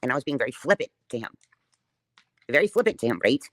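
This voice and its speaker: Woman ranting fast on a live stream, swears a lot, defiant, dry close sound. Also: very deep voice, very animated, dry recording. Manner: defiant, profane, confrontational. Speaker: livestreamer. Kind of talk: livestream rant to viewers.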